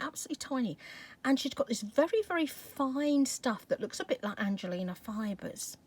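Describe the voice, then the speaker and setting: A woman's voice: a little high, dry recording. A woman hosting a craft channel, telling viewers a story in a chatty way and laughing often.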